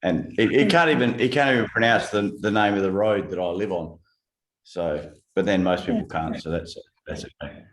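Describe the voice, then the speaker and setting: Lowish self-deprecating man, roomy sound. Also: normal speed. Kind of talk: casual panel chat.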